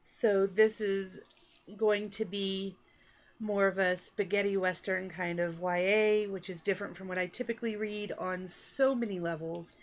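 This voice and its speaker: A woman's voice: mid-range voice, steady tone, unhurried. A woman from Texas and Oklahoma talks to her camera as an author and book vlogger, rambling and poking fun at herself. Her voice sits in a middle register. The home video sounds a little dull and lo-fi. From Texas and Oklahoma, USA. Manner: chatty, rambling, self-deprecating. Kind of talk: casual chat to camera.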